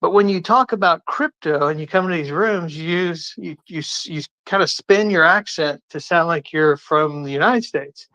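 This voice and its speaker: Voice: medium pitch, moderate pace, few pauses, sharp tone, poor audio. A participant in an online audio room, teasing another speaker with rambling, profane questions. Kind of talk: casual chat in an audio room.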